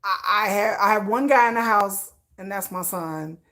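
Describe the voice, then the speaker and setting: A woman hosting a casual livestream, talking in an animated, dramatic way that swings between high exclamations and low mutters. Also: normal speed. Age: adult parent. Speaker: YouTube channel host.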